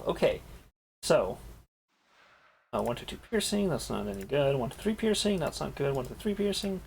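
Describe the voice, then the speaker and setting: A man's voice: fairly high pitch, very animated, moderate pace, gravelly, a little hiss or hum. Casually swearing man streaming a game. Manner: rambling, swears casually, thinks aloud. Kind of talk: casual gameplay commentary and reading game text aloud.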